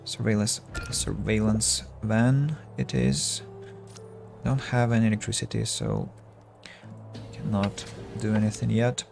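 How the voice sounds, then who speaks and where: A man streaming a game, thinking aloud in halting casual commentary, his voice tired and fading. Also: lowish voice, animated, creaky, a little mellow, faint music behind. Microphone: earbuds.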